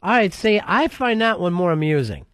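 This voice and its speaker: A man's voice: sits high, big pitch swings, normal speed, fairly bright tone, no room sound. A man hosting a talk radio show, blunt and profane, needling his co-host. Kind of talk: casual talk radio chat.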